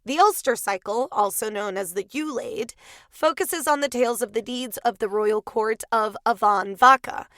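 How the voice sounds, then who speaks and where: A young woman co-hosting a casual podcast, playful and jokey, at times squeaky. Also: moderate pace, fairly bright tone, no room sound, clean studio sound. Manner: playful, jokey, giggly, reads notes then riffs. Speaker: podcast co-host. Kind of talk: casual chat reading myth research.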